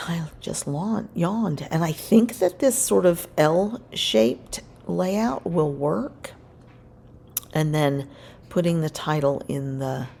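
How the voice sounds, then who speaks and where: With a slow, creaky, low-sitting voice, a woman talks through her scrapbook crafting. The voice-over is casual and rambling, full of self-corrections, with a slight hiss or hum in the background.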